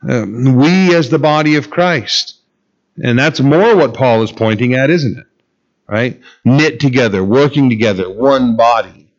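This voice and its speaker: A man delivers a sermon in a relaxed, conversational way, mixing scripture with wry humor and easy chuckles. His voice sits at an ordinary middle pitch. The recording is slightly dull and lo-fi. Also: measured pace.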